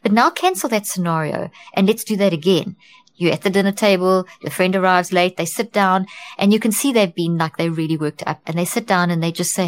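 A woman's voice: fairly low pitch, moderate pace. A middle-aged woman speaking as a guest expert in an interview, earnest and conversational, often restarting her sentences. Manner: earnest, restarts often, acts out quoted thoughts. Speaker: guest expert on mental health.

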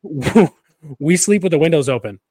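A man's voice: a little high, expressive, normal speed, mellow, breathy edge, no echo. A man co-hosting a podcast, telling rambling stories in casual chat, often restarting and laughing at himself. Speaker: podcast co-host.

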